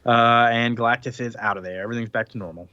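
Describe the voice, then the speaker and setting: A man talks through a comic-book story in a loose, easygoing way, full of "uh"s and "like"s. His voice sits at an ordinary pitch and is recorded close and dry. The sound is a little dull. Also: fast, smooth, no echo. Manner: relaxed, filler-heavy storytelling with mock voices. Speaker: podcast co-host. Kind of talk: casual comic-book recap chat.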